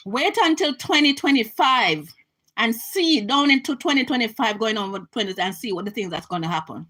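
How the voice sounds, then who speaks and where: Jamaican lady venting to camera, high voice, keeps repeating herself for emphasis. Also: lively intonation, moderate pace, a bit bright, low-quality recording. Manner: emphatic and repetitive, with frequent restarts. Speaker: vlogger. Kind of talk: impassioned political rant to camera.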